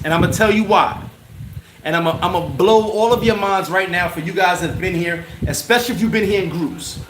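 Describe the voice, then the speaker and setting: A man hosting a casual livestream, answering chat in an animated, slangy way and laughing often. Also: high-pitched. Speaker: channel host answering live chat. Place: bar. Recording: roomy with loud background noise.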